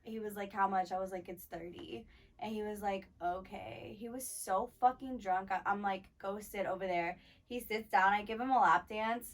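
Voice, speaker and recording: A woman's voice: medium pitch, steady tone, moderate pace. A woman in her twenties co-hosting a podcast, telling blunt, profane stories in casual chat, full of "like". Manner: blunt, profane storytelling, heavy filler "like". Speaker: podcast co-host.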